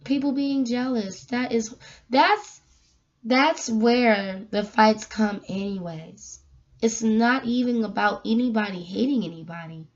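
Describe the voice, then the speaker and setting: Woman vlogger preaching casually, slow and emphatic, highish voice, kinda muffled lo-fi audio. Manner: animated, emphatic, storytelling. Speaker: vlogger giving a faith message. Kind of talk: casual spiritual talk to camera. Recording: dull lo-fi recording.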